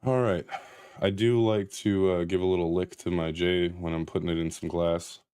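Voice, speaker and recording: Low-voiced laid-back man rambling on stream. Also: little pitch movement, normal speed, darkish tone, clear, resonant tone. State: high and a bit out of breath. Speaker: streamer reviewing a grinder. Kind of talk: casual live-stream chat.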